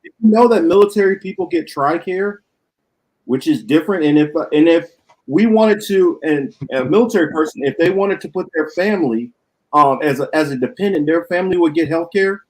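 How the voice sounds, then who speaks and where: A man's voice: a little high, animated, fairly quick, rough recording. A man co-hosting a political talk show, arguing bluntly and with profanity in a heated debate.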